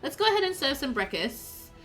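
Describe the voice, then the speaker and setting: Woman streamer chatting while she plays, kinda high voice, giggly and rambly, soft music under it. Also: big pitch swings, brisk. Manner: chatty, rambling, laughs often. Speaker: game streamer. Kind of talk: live gameplay commentary and chat reading.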